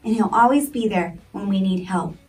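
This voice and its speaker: A woman voicing a gentle, comforting grandmother in a children's story, speaking softly and reassuringly. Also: medium pitch, normal speed, distant mic, faint music behind, lightly acted. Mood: tender. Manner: soft and reassuring.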